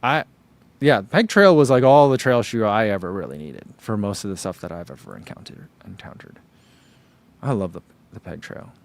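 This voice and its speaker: A man's voice: lowish voice, animated, normal speed. A man chatting casually on a vlog, rambling through running shoe thoughts and reading viewer comments aloud.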